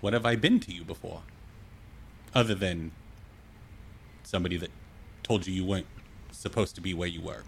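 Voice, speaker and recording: A man's voice: low-pitched, normal speed, creaky, long pauses, slight background noise. A man voicing a poised, confident woman in a tabletop game, with a wry, upbeat manner. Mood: breezy. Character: poised, confident adult woman named Arancis.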